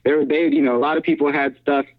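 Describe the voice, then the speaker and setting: A man's voice: fairly high pitch, fairly even intonation, fast. A man, a house music DJ and producer, telling his story as an interview guest in a rambling, laughing way with many restarts. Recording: tinny phone-like line.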